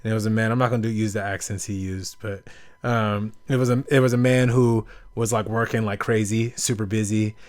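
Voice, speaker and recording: A man's voice: lowish voice, steady tone, fairly quick. A young man hosting a podcast, talking casually and rambling with lots of fillers. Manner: rambling, filler-heavy storytelling. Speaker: podcast host. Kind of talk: casual chat.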